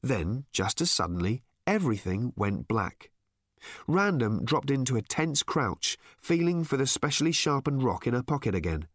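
A man narrating a story aloud in a wry, measured way. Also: medium pitch, big pitch swings, no room sound, studio quality. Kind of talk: audiobook narration.

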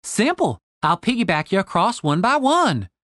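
A man playing a cocky, quick-witted young woman warrior who teases her companions, in a fantasy audiobook. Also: mid-range voice, very animated, dry recording, studio quality, pitched above the performer's own voice, close to an everyday voice. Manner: bold, quick-witted, teasing.

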